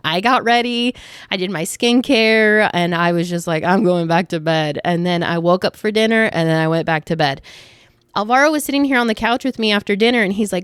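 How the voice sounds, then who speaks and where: Young woman vlogger, casual rambling storyteller, smooth low-ish voice, dry close recording. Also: fairly quick, no room sound. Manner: chatty storytelling with many fillers. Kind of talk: casual chat to camera.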